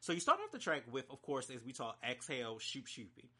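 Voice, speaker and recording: A man's voice: mid-range voice, huge pitch swings, a little fast, sharp tone. A man reviewing an album in an unscripted, emotional rant, talking in a profane, heated and emphatic way. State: choked up. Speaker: music reviewer.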